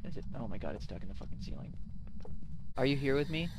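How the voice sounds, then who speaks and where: A man's voice: medium pitch, expressive, fast talker, noisy background. A man playing a horror game who shrieks, swears and laughs nervously while scared and sweaty. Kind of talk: casual gaming chat.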